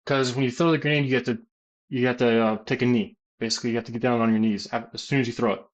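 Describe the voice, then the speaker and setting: American guy rambling through an army story, lots of ums and restarts, average pitch, casual q&a vibe. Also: rapid-fire, rough recording. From United States. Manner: rambling, animated, many fillers and restarts. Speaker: gaming YouTuber and teacher.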